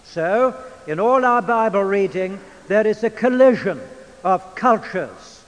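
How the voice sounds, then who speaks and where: An older man with an English accent preaching a sermon in a church, in a measured, emphatic manner. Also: high voice, expressive. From England. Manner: measured, emphatic delivery with drawn-out phrases. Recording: long church reverb.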